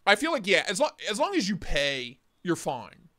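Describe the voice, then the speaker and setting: A lively, high-voiced man hosting a casual stream. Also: moderate pace. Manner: joking, rambling, greeting viewers by name. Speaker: livestream host. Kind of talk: casual morning livestream chat.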